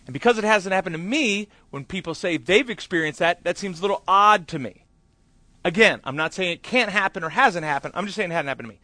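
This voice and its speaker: A man with a high, sharp voice and lively intonation speaks quickly with no echo. A pastor, he delivers a conversational sermon, telling a candid, self-deprecating story full of fillers and chatty asides.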